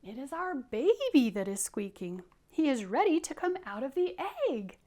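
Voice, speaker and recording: A woman voicing a kindly male father bird in a picture-book read-aloud, speaking earnestly and a little louder than her narration. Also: high voice, big pitch swings, moderate pace.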